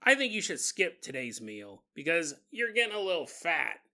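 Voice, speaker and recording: A man voicing a rude, mocking middle-aged father who throws out blunt insults in a higher, brighter voice. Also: big pitch swings, moderate pace, full character voice.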